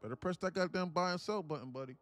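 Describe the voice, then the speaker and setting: A man voicing an irate male trader who has lost his money, profane and indignant, shouting at a streamer. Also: on the high side, sing-song, fairly quick, soft background music.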